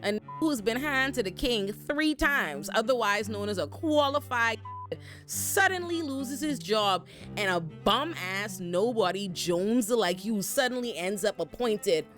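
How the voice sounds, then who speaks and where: A woman's voice: mid-range voice, lively intonation, a bit bright, soft background music, pitched above the performer's own voice. A woman doing a cocky, mocking young nobleman. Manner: slow, drawn-out taunting drawl.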